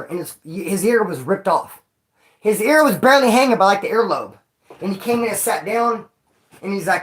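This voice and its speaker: With a voice that sits high, a man tells his prison stories to the camera, loose, profane, and full of slang. He often slips into other people's voices as he goes.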